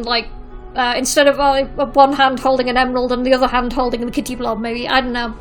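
Woman podcast host, high voice, casual rambling delivery, light music bed. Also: level tone, quick pace. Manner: chatty, many fillers and restarts, giggly. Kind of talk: casual radio-style chat.

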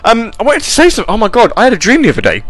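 A man hosting a casual live radio show, rambling and animated as he reads chat messages and tells stories. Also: extremely high pitch, rapid-fire, faint music behind.

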